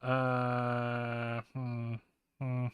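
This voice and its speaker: A man's voice: medium pitch, completely flat delivery, extremely slow, clean tone, no echo. A tired young man on a live stream, chatting playfully and rambling while he draws. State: tired but wired on coffee. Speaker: streamer and artist. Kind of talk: casual live-stream chat.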